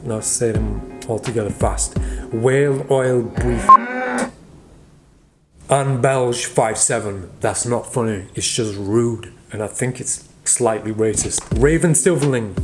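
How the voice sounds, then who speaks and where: A man hosting a magic vlog, casually reading out viewers' joke comments and teasing an off-camera helper. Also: mid-range voice. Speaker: magician host. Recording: background music.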